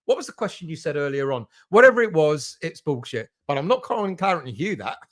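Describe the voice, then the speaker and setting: A man from England chats his way through a relaxed live stream, greeting viewers by name as he reads the chat. His voice sits high for a man. He rambles from point to point and keeps it loose and conversational. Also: quick pace. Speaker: fan channel host reading live chat.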